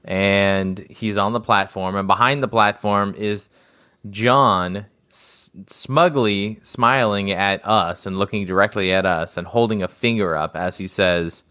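A man co-hosting a casual podcast chat, describing things in slow, halting phrases and chuckling often. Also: fairly low pitch, bright, forceful tone, smooth, no echo, clean studio sound. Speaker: podcast co-host.

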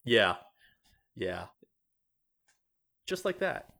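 Guy slowly talking lore on a podcast, lowish voice, lots of ums. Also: big pitch swings, vocal fry, sharp tone. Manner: hesitant, many ums. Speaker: podcast co-host. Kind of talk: casual lore discussion.

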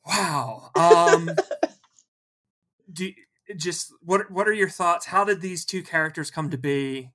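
Bright, gushing podcast host. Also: mid-range voice, unhurried, few pauses. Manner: enthusiastic, gushing.

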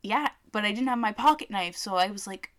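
A woman's voice: medium pitch, a little fast. A woman co-hosting a casual chat, telling a story with lots of swearing and acted-out quotes. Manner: animated storyteller, swears freely, acts out quotes. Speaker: co-host.

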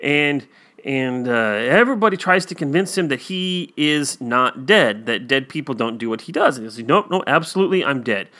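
A man's voice: mid-range voice, expressive, normal speed, sharp tone. A man co-hosting a casual talk about a TV episode, telling stories with many fillers and acting out the quotes. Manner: rambling storyteller, many fillers, acts out quotes.

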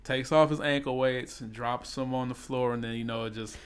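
Easygoing man with a smooth voice. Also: medium pitch, fairly even intonation, a little fast. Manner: easygoing, full of "you know" fillers. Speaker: podcast co-host. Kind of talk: casual chat.

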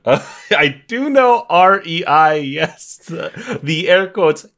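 A man co-hosting a casual comedy podcast, riffing on jokes and laughing often. His voice swoops up and down expressively, and he talks at a slow, easy pace. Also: a little high, animated, a bit bright. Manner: playful, laughs often, riffs with bits. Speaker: podcast co-host.

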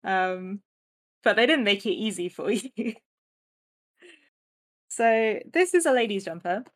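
A woman co-hosting a casual chat, giggling often and filling pauses with ums. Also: medium pitch, expressive. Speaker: podcast co-host.

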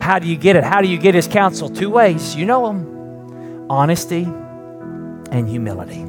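High-voiced pastor preaching to his church. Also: expressive, moderate pace, pauses often, music in the background. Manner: conversational preaching with rhetorical questions; rising emphatic peaks then soft prayerful close. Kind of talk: sermon. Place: church with live congregation and online stream.

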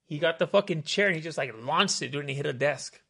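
A man's voice: fairly high pitch, quick pace, vocal fry, sharp tone, husky. A young man telling a long story in casual chat, rambling and profane, with lots of "dude" and "hella". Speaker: podcast co-host telling a story.

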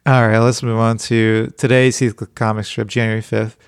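A man's voice: lowish voice, little pitch movement, normal speed, clear, resonant tone, dry recording. A man co-hosting a casual comedy podcast, making short, dry, wry remarks. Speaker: podcast co-host.

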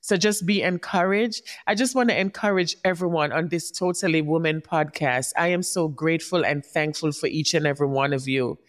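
A woman's voice: low voice, fairly even intonation, a little fast, few pauses. A woman hosting a podcast who gives a heartfelt motivational talk. She speaks straight to her listeners and often checks in with "right?". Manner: warm encouraging, speaks directly to listeners, often asks "right?". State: tearing up. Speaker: podcast host.

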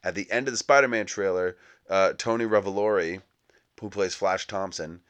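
A man's voice: sits low, moderate pace, fairly bright tone. A young adult man hosting a comedic movie podcast, riffing sarcastically and acting out little scenes. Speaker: podcast host.

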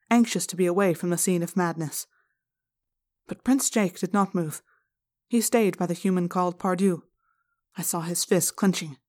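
A woman reading an audiobook aloud in the first person, with steady, measured narration. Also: fairly low pitch. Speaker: audiobook reader.

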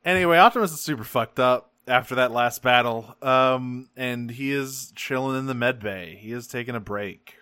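Guy with a bright voice recapping a cartoon on a podcast, jokey, swears a lot, super dry close mic. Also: medium pitch, clean tone, dry recording. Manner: joking, swears often, drops into quick character voices. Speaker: podcast co-host. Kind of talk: casual chat recapping a cartoon.

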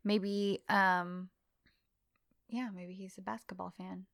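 A woman's voice: medium pitch, slow, gravelly. A woman co-hosting a casual chat about a TV episode, laughing often and acting out the scenes she quotes. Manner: giggly, animated when quoting scenes. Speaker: podcast co-host.

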